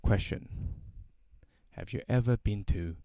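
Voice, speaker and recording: A man's voice: lowish voice, measured pace, gravelly, mellow, no echo. A man telling a casual anecdote, rambling with many fillers and tag questions. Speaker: storyteller.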